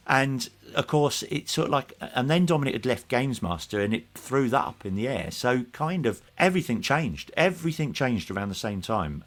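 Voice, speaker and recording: A man's voice: mid-range voice, a bit bright. Chatty man telling stories as a guest. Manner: anecdotal, chuckles mid-sentence, frequent restarts. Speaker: podcast guest. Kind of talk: casual interview chat.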